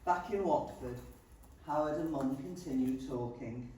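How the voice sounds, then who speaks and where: A man reading out stage directions as narrator, slow and measured. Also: mid-range voice, dark tone, a little hiss or hum. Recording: echoey hall, far from mic.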